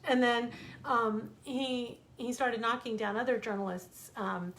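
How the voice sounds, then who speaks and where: A woman's voice: a little high, steady tone, unhurried, a bit bright, slight background noise. A middle-aged American woman telling stories from home in a casual, chatty way, acting out the voices of the people she quotes. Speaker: author reading stories online. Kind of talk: casual storytelling.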